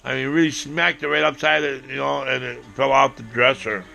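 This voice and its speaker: A man telling a rambling, profane personal story, acting out quotes and breaking into shouting. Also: mid-range voice, level tone, a little fast, creaky, soft background music.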